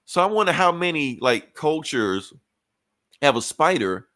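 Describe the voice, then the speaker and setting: A man hosting a podcast, chatting casually about comics in an animated, profane way with frequent laughs. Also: a little high, unhurried. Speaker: podcast host.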